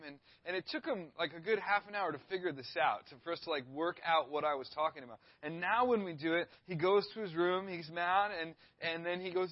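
A man in his thirties, a youth pastor, preaching a sermon with a relaxed storytelling manner. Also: sits high, quick pace, hardly any pauses, dry recording, muffled recording. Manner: laid-back, storytelling, acts out quoted voices.

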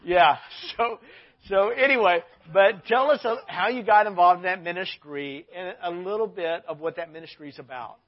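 A pastor hosting a podcast, a man with a high voice, trades jokes at his own expense before asking his guests to share. The sound is dull and lo-fi. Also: normal speed. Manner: joking and self-deprecating. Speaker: pastor and host. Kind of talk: casual interview chat.

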